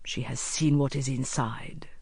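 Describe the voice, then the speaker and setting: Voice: mid-range voice, steady tone, a little slow, vocal fry, a little mellow, breathy edge, no echo. A cold, vicious male villain from an audiobook, put on by the narrator. He barks harsh insults and then sinks into a menacing hiss. The sound is dry and close, with no room around it. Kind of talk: audiobook character voice.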